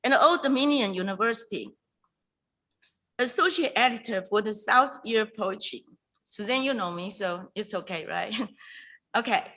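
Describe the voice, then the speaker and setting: A woman hosting a virtual reading night, introducing a poet in an emotional, halting way over a video call. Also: medium pitch, expressive, a bit bright, rough recording. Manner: emotional, halting, with restarts and pauses. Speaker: event host introducing a poet.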